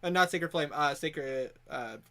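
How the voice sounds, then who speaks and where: A man's voice: fairly high pitch, unhurried, sharp tone. A man running a tabletop game as game master over voice chat, rambling with many fillers and restarts. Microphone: online voice chat.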